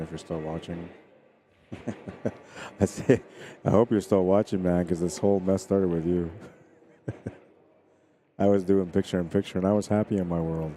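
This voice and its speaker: A man's voice: low-pitched, steady tone, normal speed, long pauses, mellow, slight background noise. A man giving casual, chatty commentary on a pool stream, talking to viewers and laughing. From Spanish heritage.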